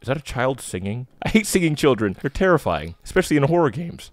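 A man playing a horror game and commenting nervously, yelling when scared and joking to cover his fear. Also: mid-range voice, big pitch swings, quick pace, no room sound. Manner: yells and screams when scared. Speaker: let's play gamer.

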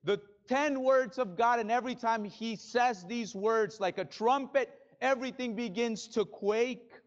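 A male pastor preaching a sermon in a church, dramatic, swinging from loud bursts to hushed drops. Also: extremely high pitch, unhurried, lo-fi sound. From Spanish-speaking background. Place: church sanctuary.

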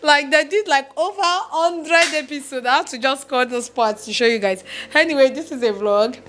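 A Nigerian woman vlogging in a casual, chatty way to her viewers, her voice cracked and hoarse from laughing. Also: high-pitched, moderate pace, a bit bright. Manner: chatty, addresses viewers directly as guys. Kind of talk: casual vlog chat.

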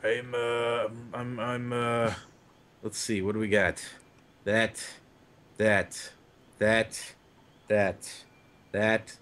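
A man's voice: on the low side, little pitch movement, very slow, pauses often, a bit bright. A man chatting casually over voice chat while gaming, goofy, laughing often and playing with silly voices.

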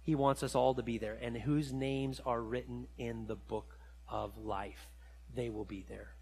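A man preaching a sermon in a church, telling stories with animated rises and dropping low and quiet for reflective points. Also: unhurried, gravelly, slightly rough, big-room sound. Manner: animated storytelling, rising high when excited, dropping low and quiet for reflection. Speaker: pastor. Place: church sanctuary.

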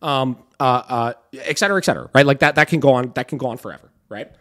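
A man's voice: medium pitch, quick pace, fairly bright tone. A young man hosting a dog training podcast, explaining emphatically in a casual way, often asking "right?" and swearing now and then.

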